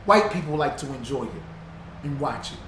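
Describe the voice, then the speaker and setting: A man's voice: medium pitch, expressive, normal speed, fairly bright tone. A man hosting a livestream, greeting viewers by name and teaching in a loose, repetitive, casual way that drives his points home. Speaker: livestream host reading viewer comments. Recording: roomy echo with faint background noise.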